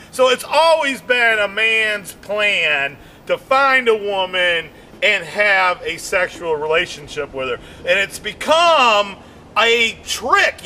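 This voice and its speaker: Male stand-up comic, very high and sharp voice, rambling delivery with shouted punchlines. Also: slight background noise. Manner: rambling, animated, constant fillers, shouted punchlines. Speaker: stand-up comedian. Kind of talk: stand-up comedy routine.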